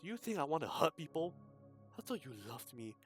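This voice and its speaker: A man's voice: on the high side, sing-song, fairly quick, soft background music, voice pushed up. A man voicing a distraught young woman breaking down, with a pleading, strained delivery.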